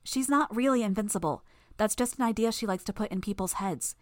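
A woman's voice: medium pitch, brisk, dry recording, studio quality, pitched above the performer's own voice, lightly acted. A woman doing a smug, hurting young villainess. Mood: strained. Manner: strained, clipped, knowing. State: in pain. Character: smug young female villain, injured, sharp-tongued.

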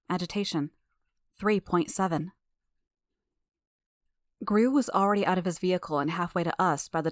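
A woman narrating a fan audiobook in a steady, measured first-person reading. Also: fairly low pitch, no echo, clean studio sound.

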